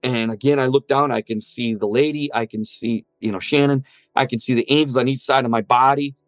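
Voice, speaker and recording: This is a fairly quick, medium-pitched male voice with mostly even intonation. He tells the story of his near-death experience in an earnest, testimonial way, voicing what others said to him, over muffled audio with soft background music and no room sound.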